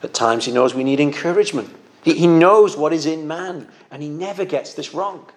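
A man with a slightly higher-than-usual voice, preaching a sermon. He speaks earnestly and gently, like a pastor encouraging his congregation, now and then doubling a word as he thinks. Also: normal speed.

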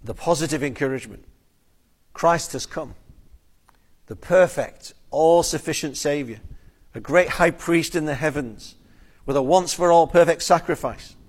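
A man preaching an expository sermon, earnest and emphatic, slowing down on key phrases and sometimes repeating words. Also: fairly high pitch.

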